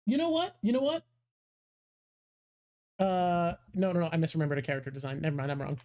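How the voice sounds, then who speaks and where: A co-host chatting casually on a live stream, going off on quick, opinionated tangents. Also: mid-range voice, darkish tone. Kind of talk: casual chat.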